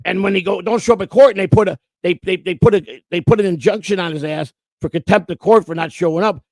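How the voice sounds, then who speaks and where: Brief: male co-host, rambling and boastful, gravelly voice with a dry sound. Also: high voice, fast talker, darkish tone, no echo. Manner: rambling, boastful, repeats words. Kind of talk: casual livestream chat.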